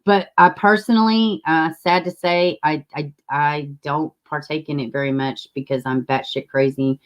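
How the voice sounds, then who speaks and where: Low-voiced rambling woman livestreamer. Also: steady tone, moderate pace. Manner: rambling, chatty, swears casually. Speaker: livestream host. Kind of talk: casual livestream chat.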